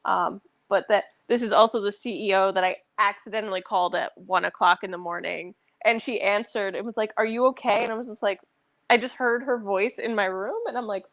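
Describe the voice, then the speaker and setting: A woman's voice: mid-range voice, steady tone, fairly quick, a bit bright, no echo. A woman in casual chat on a video call, telling stories with lots of "like" fillers. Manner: chatty storyteller, frequent "like" fillers. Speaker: co-host.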